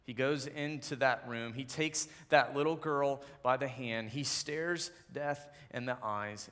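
Preaching from the pulpit, this man alternates between quiet, gentle phrases and rising, emphatic bursts. His pace is measured with few pauses, and scripture readings come out in a lower, more even tone.

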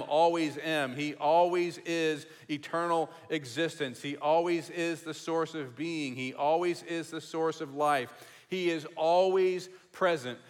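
Emphatic preacher man in a reverberant hall. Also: fairly high pitch. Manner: emphatic, repeats phrases, drops to a hush on key words. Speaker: pastor. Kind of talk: sermon.

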